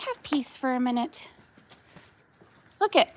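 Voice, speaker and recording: A woman's voice: mid-range voice, lively intonation, measured pace, vocal fry, pauses often, a bit bright, slight background noise. A woman in her thirties chatting casually on a backyard livestream, talking to her dog and her viewers and laughing often. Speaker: vlogger livestreaming. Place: backyard outdoors.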